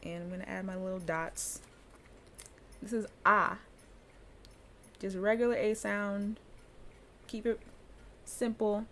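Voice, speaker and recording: A woman's voice: mid-range voice, level tone, takes it slowly, long pauses, fairly bright tone, a little hiss or hum. A woman giving a casual pronunciation lesson, chatty and loose, often breaking into laughter as she explains. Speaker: language teacher.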